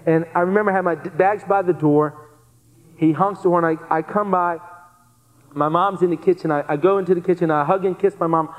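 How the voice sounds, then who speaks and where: A man telling his conversion testimony to a live audience, earnest and animated, repeating phrases for emphasis. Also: high voice, a little fast. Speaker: guest speaker giving a testimony. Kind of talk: testimony sermon storytelling. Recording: long hall reverb.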